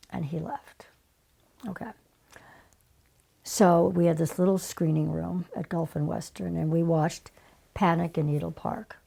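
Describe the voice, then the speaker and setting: An older woman, a casting director, telling stories in an interview, animated and acting out the people she quotes. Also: on the low side, a little slow, vocal fry, long pauses, slight background noise. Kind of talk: casual interview storytelling.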